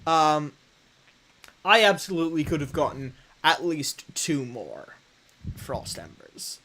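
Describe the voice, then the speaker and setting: A man's voice: on the high side, sing-song, takes it slowly, pushed and bright. A young man streaming a game, thinking aloud to his chat and bragging playfully about his runs. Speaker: gaming streamer. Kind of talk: live game commentary to chat.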